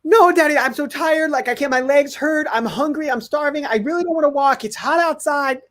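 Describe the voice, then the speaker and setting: A man's voice: very high-pitched, brisk, a bit bright, voice pushed up. A man voicing his young son, who whines and piles up excuses not to go for a walk. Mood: whiny. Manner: whining, listing complaints. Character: whiny little boy complaining he's too tired to walk.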